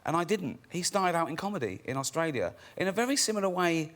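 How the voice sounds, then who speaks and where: A man's voice: a little high, big pitch swings, quick pace, fairly bright tone. An English man, a talk show guest, telling jokey stories and laughing often. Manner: jokey, giggly. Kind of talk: anecdotal chat.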